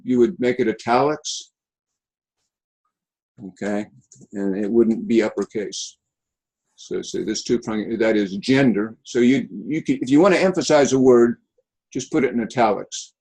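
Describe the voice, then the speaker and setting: Guy teaching over a video call, lots of uh and restarts, halting. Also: mid-range voice, darkish tone, rough recording. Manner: halting, with many restarts and fillers. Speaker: instructor. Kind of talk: online class feedback session.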